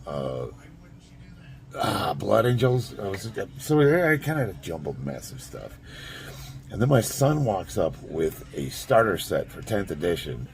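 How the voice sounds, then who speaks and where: A man's voice: deep voice, a little mellow, slight background noise. A middle-aged man telling a story in a casual vlog, rambling, chuckling now and then, with lots of fillers. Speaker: vlogger.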